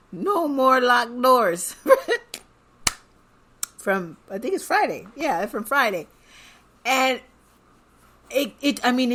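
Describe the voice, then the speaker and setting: A woman's voice: fairly high pitch, fairly bright tone. A woman hosting a podcast, telling a personal story in a chatty way and often laughing as she talks. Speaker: podcast host.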